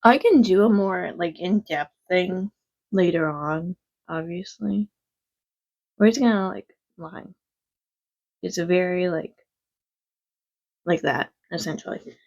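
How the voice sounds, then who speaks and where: Gravelly woman rambling through a makeup tutorial. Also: on the low side, slow pace, long pauses, a little mellow, dull audio. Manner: rambling, frank, self-deprecating with swearing. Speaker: makeup vlogger. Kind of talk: casual makeup tutorial chat. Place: quiet home.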